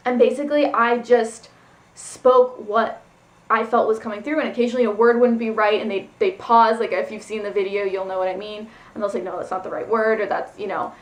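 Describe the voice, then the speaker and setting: A woman's voice: mid-range voice, steady tone, a little fast. A woman telling a personal story in a casual vlog, rambling and loose with lots of "like" and "um". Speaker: spiritual vlogger. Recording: echoey room.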